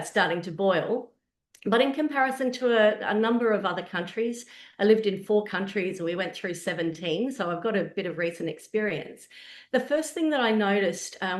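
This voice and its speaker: Australian woman storytelling in an echoey room. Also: medium pitch. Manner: conversational storytelling, animated asides. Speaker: webinar presenter. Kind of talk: presenting a webinar talk.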